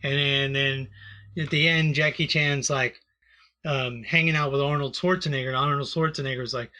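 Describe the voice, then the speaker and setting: Bright-toned man rambling on a comedy podcast. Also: medium pitch, fairly even intonation, normal speed. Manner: rambling, profane, full of fillers. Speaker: podcast co-host. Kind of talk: casual comedy chat.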